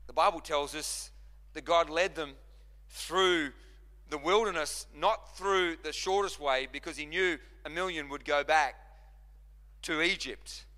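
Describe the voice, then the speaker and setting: A man preaches a sermon with a forceful, tense edge to his voice, pitched a little high for a man. He presses his points through repetition and quick restarts. The long reverb of a big church hall rings around every phrase. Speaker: pastor.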